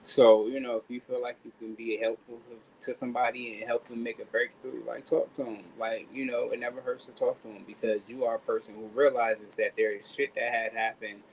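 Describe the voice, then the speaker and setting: A man's voice: mid-range voice, little pitch movement, a little fast, hardly any pauses, slight background noise, low-quality recording. A man in casual livestream chat, earnest and rambling, with loose slang and fillers.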